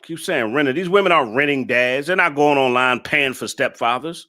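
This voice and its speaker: A man's voice: mid-range voice, fairly quick, pushed and bright. A man hosting a live stream, reacting to a clip and scolding his chat commenters in an exasperated way.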